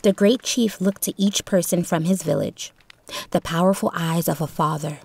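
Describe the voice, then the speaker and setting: A woman's voice: lowish voice, normal speed, vocal fry, a little mellow, no room sound. Woman narrating a story, dry close sound. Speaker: audiobook narrator.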